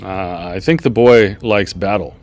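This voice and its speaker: A man voicing a stern, battle-loving older male temple leader with a halting, clumsy go at a Scottish accent. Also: on the low side, darkish tone, natural voice. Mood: gruff. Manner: gruff, clipped, halting attempt at a Scottish accent. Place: backyard.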